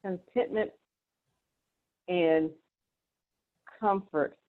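A woman's voice: lowish voice, drawn-out words. A woman on a group call giving motivational advice in a casual, emphatic coaching tone. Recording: tinny phone-line audio.

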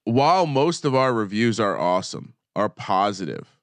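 A man co-hosts a sports betting podcast with a lively, bouncing delivery. He teases his partner in a playful, mock-serious tone. The sound is dry and close. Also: fairly low pitch, normal speed, no echo. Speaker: podcast co-host.

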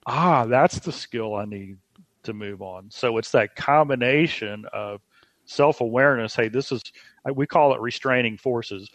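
A man speaking as a podcast guest, explaining coaching ideas in a measured way. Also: mid-range voice, fairly bright tone, dry recording. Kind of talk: podcast conversation.

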